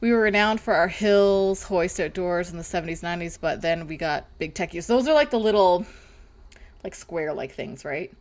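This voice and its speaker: A woman's voice: fairly low pitch, lively intonation, moderate pace. A young woman chatting on a live game stream, rambling, laughing and swearing casually. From North America.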